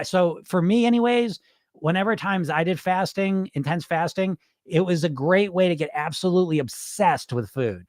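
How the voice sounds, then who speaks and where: A man with a slightly high voice hosts a weight loss live stream, and the studio-quality sound carries no echo. He reads viewers' comments and answers bluntly, swearing freely. Animated in casual live-stream talk, he acts out dieters' inner voices.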